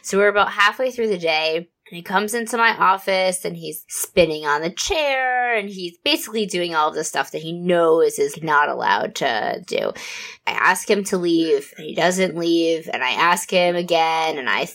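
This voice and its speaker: A woman's voice: fairly low pitch, lively intonation, normal speed, a bit bright. A woman in her thirties co-hosting a podcast, telling parenting stories in a candid, reflective way. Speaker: podcast co-host. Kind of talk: casual podcast chat.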